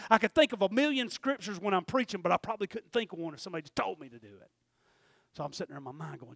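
Preacher guy, high voice, storytelling then hollering, dry mic. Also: big pitch swings, fast talker, vocal fry, no echo. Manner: folksy storytelling preacher, builds to shouting. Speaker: pastor. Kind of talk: sermon.

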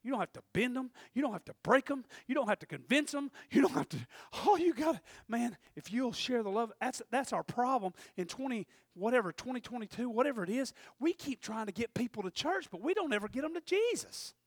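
A male pastor preaching a sermon, telling stories animatedly, acting out voices and rising to shouts. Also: very high-pitched, expressive, a little fast, few pauses, no room sound, studio quality.

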